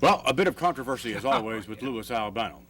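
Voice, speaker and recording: A man's voice: medium pitch, expressive, fast talker, a bit bright. A man hosting a talk show, asking questions in a formal, wordy way.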